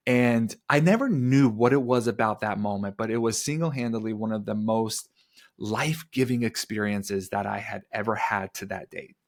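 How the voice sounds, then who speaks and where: Man, 30s, podcast guest, lower voice, earnest animated storytelling. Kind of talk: storytelling in a casual interview.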